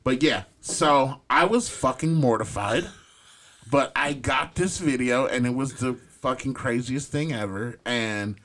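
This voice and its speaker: A man's voice: mid-range voice, measured pace, a bit bright. A man hosting a podcast, telling a profane story animatedly in casual chat. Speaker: podcast host.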